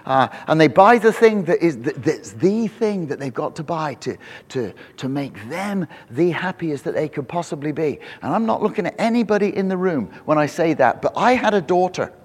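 A man preaching a sermon to a congregation, telling animated stories with frequent restarts. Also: on the high side, normal speed, husky. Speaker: pastor. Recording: long hall reverb.

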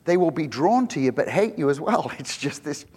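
Middle-aged male pastor, a bit high-pitched, chatty and self-deprecating in the pulpit; the church hall rings behind him. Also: very animated, moderate pace, darkish tone, slightly rough. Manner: conversational and joking, self-mocking. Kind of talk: sermon.

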